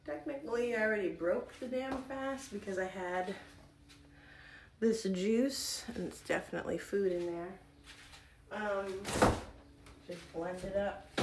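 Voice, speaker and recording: Woman, live streamer, casual home chat, slow pace, breathless, light noise. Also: mid-range voice. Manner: chatty, talks to herself, swears casually. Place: home indoors.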